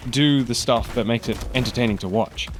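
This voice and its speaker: A man's voice: medium pitch, a little fast, a little hiss or hum. Sick man with a nasal voice. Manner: chatty, rambling. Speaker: gaming channel host. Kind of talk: casual voice-over commentary.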